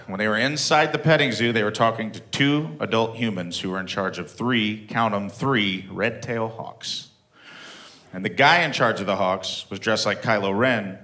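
Stand-up comic, thirties man, animated and profane, bright forceful voice. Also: lowish voice. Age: 30s. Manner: profane, animated, plain-spoken. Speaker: stand-up comedian. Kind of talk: stand-up comedy storytelling.

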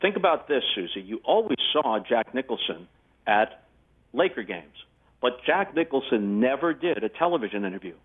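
A man's voice: mid-range voice, moderate pace, slightly rough. Older man telling stories over a phone line. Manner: animated anecdotal storytelling. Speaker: guest sportscaster. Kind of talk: casual interview storytelling. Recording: tinny phone-like remote line.

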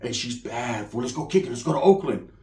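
A man putting on the voice of his boastful young cousin, gushing in low, hushed slang. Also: animated, fairly quick, echoey room, distant mic, close to an everyday voice.

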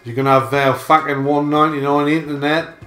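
A man's voice: a little high, flat delivery, a little fast. Crude teasing Englishman gaming. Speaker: gamer and channel regular. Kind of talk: casual gaming banter. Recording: echoey room with loud game music.

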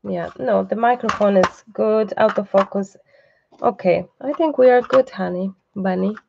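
A woman leads a live craft tutorial with a slightly gravelly, fry-tinged voice, chatting and reassuring as she works. She breaks off now and then for asides to someone behind the camera. The live-stream audio comes through dull and muffled. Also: mid-range voice, moderate pace, background noise. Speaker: craft teacher hosting a live online class.

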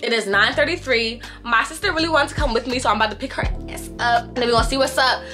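Young woman vlogger, high lively voice, blunt slangy chat, faint music behind. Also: fast talker. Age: 20s. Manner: animated, outspoken, slangy and blunt. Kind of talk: casual vlog chat. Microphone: compact camera held close.

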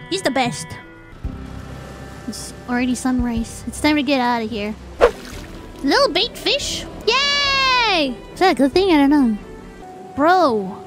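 A woman streamer chatting casually while she plays a game, excitable and quick to gasp and squeal. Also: very high voice. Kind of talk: casual gameplay chat. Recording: game music behind.

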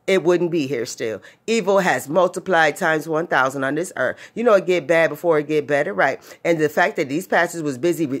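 A woman's voice: low-pitched, husky. A woman who calls herself a pastor, preaching a combative, profane rant at other pastors and punctuating her points with "right?". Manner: combative, heavy cursing, rhetorical "right?". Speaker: self-described pastor.

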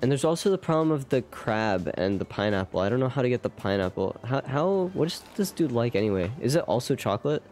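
A man's voice: medium pitch, very animated, fairly quick, few pauses, a little mellow. Young man, casual game streamer, rambling, self-deprecating, faint game music behind. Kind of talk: casual live game commentary.

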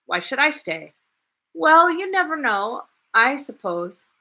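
A woman reading aloud, voicing an eager, excitable young male student who reasons quickly and insistently. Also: high voice, pitched above the performer's own voice, exaggerated voice. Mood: urgent.

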